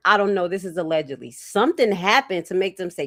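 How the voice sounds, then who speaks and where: A woman hosting a livestream, chatting casually to her viewers and reacting out loud to interview clips. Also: mid-range voice, expressive, a little fast, hardly any pauses, no echo, clean studio sound. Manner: chatty, reacts loudly, talks to her chat. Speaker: livestream host.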